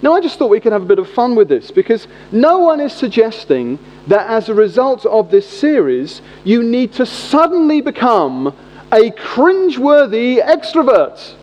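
Brief: male preacher in his forties, high voice, echoey church hall. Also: normal speed. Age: 40s. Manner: humorous, animated storytelling. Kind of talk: sermon. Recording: echoey hall, dull lo-fi sound.

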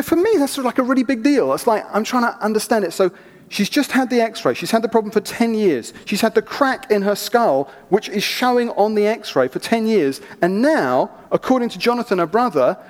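A man preaching a sermon, telling stories in an animated, chatty way with asides. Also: high voice. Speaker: pastor. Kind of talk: sermon with storytelling. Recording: reverberant church hall.

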